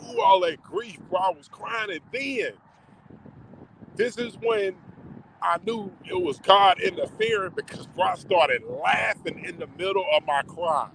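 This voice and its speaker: Man, personal storytelling vlog, slangy, emotional, drawn-out delivery, fairly high voice. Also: big pitch swings, vocal fry, fairly bright tone, a little hiss or hum, poor audio.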